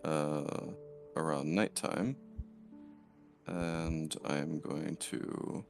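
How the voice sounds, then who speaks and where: A man running a tabletop game as game master, talking in a slow, laid-back way. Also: a bass voice, fairly even intonation, creaky, faint music behind.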